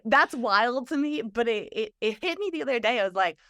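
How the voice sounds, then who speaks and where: A woman guest telling a story in conversation, animated and full of filler words. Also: on the high side, a little fast, no echo, clean studio sound. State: emotional, near tears. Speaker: guest, stress physiologist and speaker.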